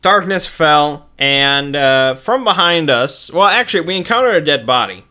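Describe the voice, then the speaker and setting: A man's voice: on the high side, animated, moderate pace, pushed and bright, clean tone. A young man recounting a tabletop game session in a rambling way, with many fillers and restarts.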